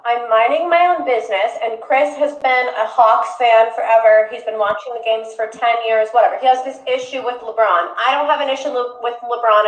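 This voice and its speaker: A high-voiced woman tells her story in a heated, profane rush. Her voice rings in a roomy, echoey clip. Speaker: courtside spectator in a news clip. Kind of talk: angry retelling.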